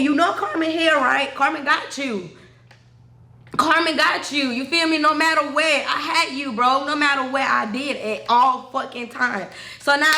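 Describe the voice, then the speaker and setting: A woman's voice: sits high, bright, forceful tone, echoey room. A young woman, telling her own story to the camera in a blunt, profane way and calling her viewers y'all.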